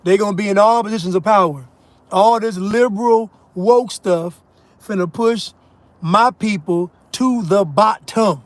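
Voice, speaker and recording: A man's voice: high voice, a little slow, no room sound. A man delivering an emphatic, mocking monologue rant as a commentator, laughing at his own points. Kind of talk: ranting monologue.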